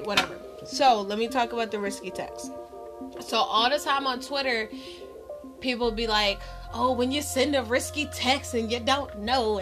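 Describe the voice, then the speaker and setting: A woman co-hosts a podcast in a studio. She talks casually, reacts quickly and laughs often, and her voice sits a little higher than usual for a woman. Music plays clearly behind her. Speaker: podcast co-host. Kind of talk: casual chat.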